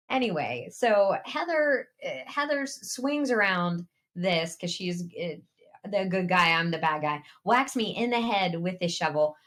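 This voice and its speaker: A woman's voice: fairly low pitch, a little slow. Woman co-host telling a family story. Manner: animated, laughing anecdote-teller. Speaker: podcast co-host. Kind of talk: casual storytelling chat.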